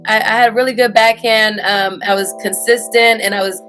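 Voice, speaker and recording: A woman in her thirties with a Houston accent, a high school tennis coach answering interview questions earnestly, with many "you know"s and "um"s. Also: fairly even intonation, a little fast, a bit bright, soft background music.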